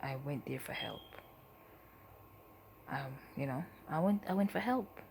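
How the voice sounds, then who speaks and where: Woman, low-pitched and gravelly, halting emotional testimony that trails off, faint hiss behind. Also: expressive, darkish tone. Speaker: mother telling her story. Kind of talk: personal testimony.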